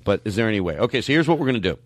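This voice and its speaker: A man hosting a podcast, telling stories in casual, animated, profane comedic chat. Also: on the low side, rapid-fire, no echo. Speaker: podcast host.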